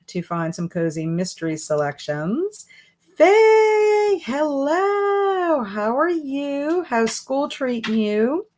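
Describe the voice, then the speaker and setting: A woman hosts a casual live stream from her home office. Her voice sits a little low, and she talks in a relaxed, chatty way while she answers viewer comments one after another. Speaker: booktube live stream host.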